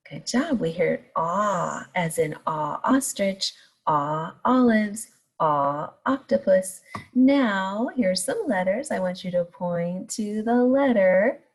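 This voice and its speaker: A woman teaching young children a phonics lesson, stretching out letter sounds in a slow sing-song way. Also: lowish voice, a little mellow, breathy edge. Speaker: kindergarten teacher. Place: home recording for distance learning.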